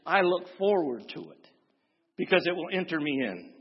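Pastor guy from wisconsin, folksy preachy storyteller, kinda husky, echoey church with long reverb. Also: fairly high pitch, sing-song, normal speed. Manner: folksy, humorous storytelling, preaching with rising intensity. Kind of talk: sermon. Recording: dull lo-fi recording with long hall reverb.

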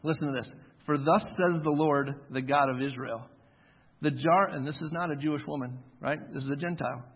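A man's voice: a little high, brisk, slightly rough. A man in his forties preaching a sermon in a casual, conversational way, acting out the quoted voices as he tells the story. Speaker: pastor. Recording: echoey hall, dull lo-fi sound.

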